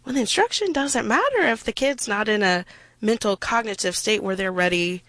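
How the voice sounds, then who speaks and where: A woman's voice: medium pitch, animated, moderate pace, fairly bright tone, dry recording. A woman hosting a radio discussion, talking with passion and emphasis and tossing in self-deprecating asides.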